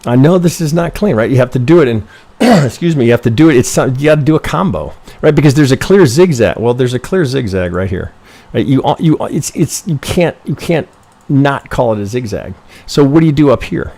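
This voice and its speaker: A man's voice: medium pitch, expressive, a little fast, mellow. A man in a loose live-stream lesson, talking through charts as he goes. He is blunt and profane, stops himself mid-sentence to rephrase, and keeps tossing "right?" to his viewers. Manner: rambling, profane, constantly self-correcting, asks "right?"; thinks aloud while working through charts. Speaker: trading educator reviewing member charts.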